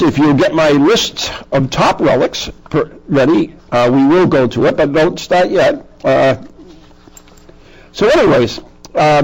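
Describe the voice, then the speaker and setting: A man's voice: on the high side, vocal fry, rough recording. A man with a New England accent hosting a casual podcast, rambling through explanations and tripping over words. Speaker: podcast host.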